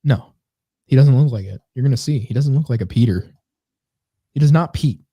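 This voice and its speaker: A man's voice: mid-range voice, brisk, mellow, slightly rough, dry recording. A man co-hosting a casual comedy podcast, rambling and sarcastic as he reads comments aloud. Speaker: podcast co-host.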